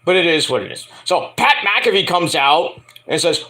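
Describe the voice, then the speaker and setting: A man casually ranting through a wrestling show review, animated and profane. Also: fairly high pitch, moderate pace, hardly any pauses. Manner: animated, profane, jumps into mocking impressions.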